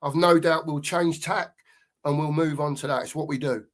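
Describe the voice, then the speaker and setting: A middle-aged man hosts a live football show, venting in an angry, sweary rant that circles back on itself. His voice sits a little high for a man. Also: fairly even intonation, normal speed. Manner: angry, sweary, repeats himself. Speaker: podcast host.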